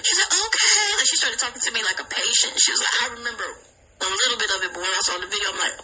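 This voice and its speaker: A woman's voice: medium pitch, very fast, husky, rough recording. A woman telling a wild story in casual chat, laughing and acting out voices. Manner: animated, laughing, acts out voices.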